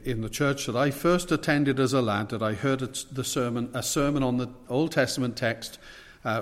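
Male preacher, measured and emphatic, mid pitch, long hall reverb. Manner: measured, emphatic delivery with frequent pauses and fillers. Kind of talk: sermon.

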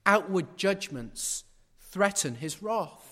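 A man's voice: sits high, lively intonation, takes it slowly, bright, forceful tone, in a large hall. A middle-aged man preaching a sermon, emphatic and repeating phrases for stress.

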